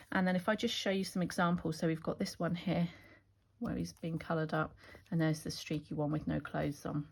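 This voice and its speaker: A woman's voice: low voice, creaky, husky. A woman chatting enthusiastically as she shows off her craft stamp designs, with fillers and restarts. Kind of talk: casual product walkthrough.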